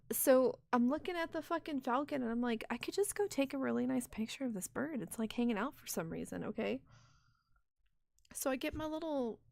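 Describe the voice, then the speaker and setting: A woman's voice: fairly high pitch, gravelly. A young woman streaming a game, chatting casually, swearing and laughing as she tells stories. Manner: swears a lot, laughs often, storytelling. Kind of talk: casual livestream chat while gaming.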